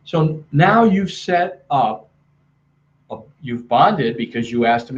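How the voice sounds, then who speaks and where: Energetic man giving sales training. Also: mid-range voice, takes it slowly, dull audio. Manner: energetic, acts out quoted dialogue. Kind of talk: webinar sales training talk. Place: hotel room.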